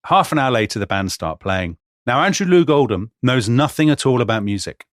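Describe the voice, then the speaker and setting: A man's voice: medium pitch, very animated, a little fast, no room sound, studio quality. A man co-hosting a history podcast, telling the story in a wry, chatty way and often laughing as he goes. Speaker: podcast co-host.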